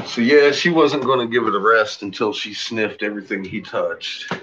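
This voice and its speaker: A man's voice: on the low side, moderate pace, noisy background. A man casually commenting on his dogs in a basement, amused and profane, voicing what the dogs think. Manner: amused, profane, voices his dogs' thoughts. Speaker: dog owner filming his pets. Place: house basement. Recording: dull lo-fi home video.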